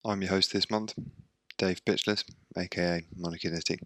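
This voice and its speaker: A man's voice: deep voice, steady tone, moderate pace, fairly bright tone, no room sound, clean studio sound. A man hosting a radio show, talking casually and rambling with lots of ums and self-deprecating asides.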